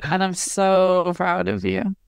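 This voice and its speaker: Gravelly, effusive woman podcast guest. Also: lowish voice, little pitch movement, no echo, studio quality. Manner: effusive, jokey, fast-talking. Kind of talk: casual chat.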